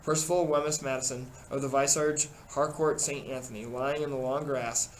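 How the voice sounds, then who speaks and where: A man reading a novel aloud in steady, measured narration. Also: medium pitch, slight background noise, poor audio. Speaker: reader.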